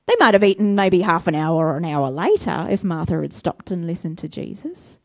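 A woman's voice: on the low side, fairly quick, few pauses, darkish tone, no echo, studio quality. A woman preaching a conversational sermon, asking rhetorical questions and admitting her own faults.

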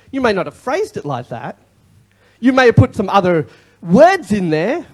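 A pastor preaching a sermon in an animated way, with joking asides and repeated key phrases. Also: medium pitch, normal speed, breathy edge.

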